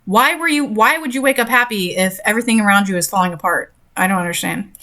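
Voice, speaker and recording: A woman's voice: medium pitch, fast, sharp tone. A young woman reading a story aloud and breaking off into sarcastic, exasperated commentary on it. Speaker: host reading and critiquing a story.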